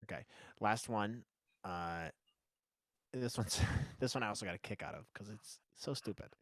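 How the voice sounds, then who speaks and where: A man's voice: lowish voice, lively intonation, moderate pace, fairly bright tone, no echo, clean studio sound. A man co-hosting a podcast in casual chat, reading comments aloud in a joking, sarcastic way and laughing often. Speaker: podcast co-host.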